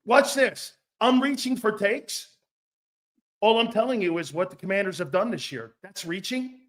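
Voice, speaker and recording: A man hosting a sports talk stream, brash and profane, reading chat comments and firing back with loud outbursts and mocking asides. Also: sits high, moderate pace. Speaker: sports talk show host.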